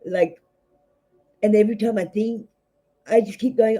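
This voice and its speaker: A woman's voice: medium pitch, steady tone, normal speed, long pauses, dark tone, low-quality recording. An Australian woman giving a live tarot reading to viewers, blunt and rambling, with many fillers and restarts. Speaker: tarot reader.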